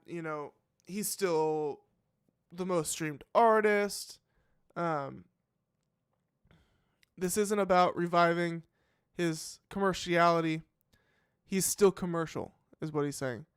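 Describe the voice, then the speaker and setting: A man hosts a live reaction show, musing aloud in casual commentary that's hesitant and full of fillers and restarts. His high-pitched voice is slow, fairly bright and resonant, captured in a clear, dry, clean studio recording.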